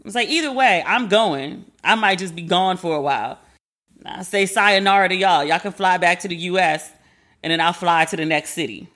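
A woman in her forties hosting a podcast, chatting casually and animatedly, slangy, acting out quoted people in a higher voice. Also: normal speed, a bit bright. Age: 40s. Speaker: podcast host. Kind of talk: casual chat.

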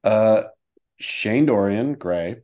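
Podcast co-host, man, deep voice, playful and laughing, dark tone. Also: expressive, extremely slow. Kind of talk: casual chat.

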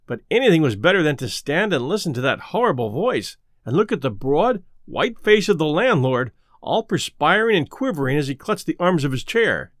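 A man reading a ghost story aloud as narrator, with expressive storytelling. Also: fairly high pitch, dry recording, studio quality. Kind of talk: scripted narration.

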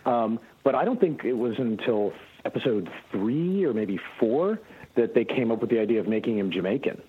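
A man speaking as a voice actor guest, telling stories in a relaxed, casual way. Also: medium pitch, moderate pace, phone-quality sound, a little hiss or hum. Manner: relaxed storytelling, animated. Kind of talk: casual interview answers.

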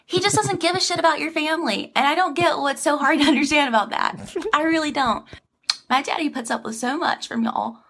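A woman's voice: high voice, brisk, a bit bright, slight background noise, voice pushed up. A woman playing an entitled, ditzy governor's daughter and young mom, in a comedy sketch. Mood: sugary. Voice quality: sugary, ditzy, oblivious.

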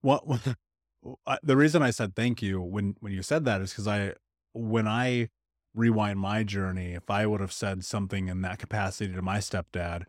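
A man hosting a podcast interview, reflective and measured, with casual swearing. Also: on the low side, steady tone, no echo, clean studio sound. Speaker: podcast host. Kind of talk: conversational interview.

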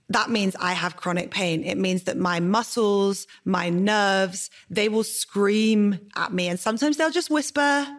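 Fiery, passionate woman podcast host. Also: medium pitch. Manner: fiery, passionate, swears casually. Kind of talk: candid interview conversation.

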